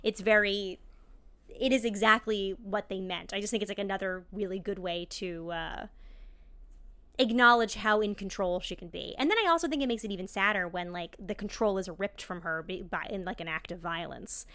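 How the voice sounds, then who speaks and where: A woman's voice: medium pitch, moderate pace, fairly bright tone. Female podcast guest, conversational and thoughtful, filler-heavy casual speech. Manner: reflective, heavy use of "like" fillers.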